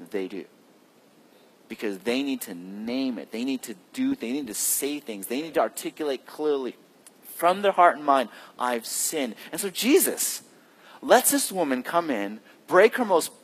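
A male pastor preaching a sermon in a conversational way, asking the listeners questions and swinging between loud emphasis and hushed, drawn-out phrases. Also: on the high side. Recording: long hall reverb.

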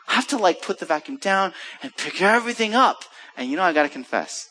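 A man's voice: high voice, very animated, fast, pushed and bright. A middle-aged American man preaching a sermon as pastor, asking his listeners rhetorical questions and mixing in jokes. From United States. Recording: long hall reverb.

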